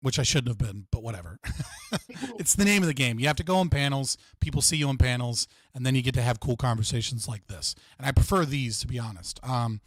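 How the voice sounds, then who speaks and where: A man's voice: medium pitch, quick pace, no room sound, studio quality. A young American man hosting a livestream chat, rambling and filling his talk with "like". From United States. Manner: rambling, heavy on fillers like "like". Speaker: livestream host. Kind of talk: casual chat.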